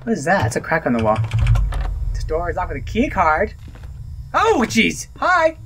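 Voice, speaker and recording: This gaming video host has a high-pitched, fairly bright voice with huge swings in pitch, talking at normal speed with a little hiss or hum in the background. Playing a horror game, he's jumpy, cracking jokes and exclaiming at what he sees.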